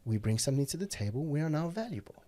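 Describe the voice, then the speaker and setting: A man's voice: fairly high pitch, big pitch swings, fast, mellow. A man talking as a podcast guest, telling blunt, profane stories in casual conversation. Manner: blunt, profane, heated storytelling.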